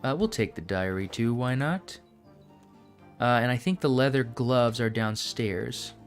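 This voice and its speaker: A man's voice: mid-range voice, a little slow, faint music behind. Chatty man thinking aloud while gaming. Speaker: streamer. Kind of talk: casual live-stream gaming chatter.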